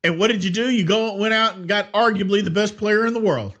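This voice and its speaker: A man's voice: high-pitched, a little fast, fairly bright tone, lo-fi sound. A man hosting a sports podcast, giving his opinions in a solo talk full of restarts and "I mean". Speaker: podcast host.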